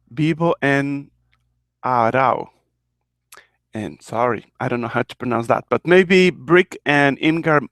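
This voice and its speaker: A man's voice: a little high, fairly bright tone, no room sound, clean studio sound. A man from Argentina teaching a live online Spanish lesson, explaining patiently and repeating each example phrase.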